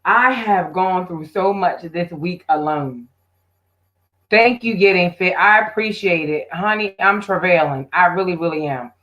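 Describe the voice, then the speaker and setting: A woman's voice: lowish voice, measured pace, fairly bright tone, rough recording. A woman hosting her own live stream, chatting casually and directly with her viewers. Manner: chatty, talks straight to viewers.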